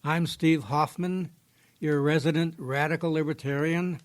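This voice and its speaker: A man's voice: fairly high pitch, fairly even intonation, a little slow. A man hosting a podcast from a studio, talking in a plainspoken, folksy way and telling a fable in casual storytelling form. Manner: folksy, plainspoken, tells a fable with small quoted voices. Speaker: podcast host.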